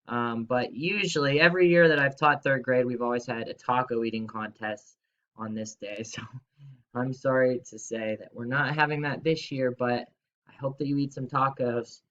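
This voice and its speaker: Brief: bright, upbeat young male teacher giving a remote lesson, lo-fi home mic. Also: mid-range voice, fairly even intonation, normal speed. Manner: upbeat, playful, exclamatory. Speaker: third grade teacher. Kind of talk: recorded remote grammar lesson.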